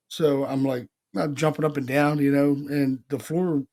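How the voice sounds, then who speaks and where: A man from Pennsylvania hosting a podcast, telling stories in a casual, animated way, acting out quotes and swearing freely. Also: a little high, normal speed, few pauses. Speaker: paranormal podcast host. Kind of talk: casual storytelling chat.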